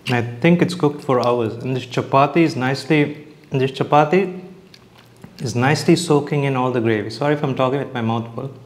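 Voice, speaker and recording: A man's voice: mid-range voice, brisk. A young man casually reviewing dishes as he eats, chatty and hesitant, restarting his sentences and talking with his mouth full. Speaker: food vlogger.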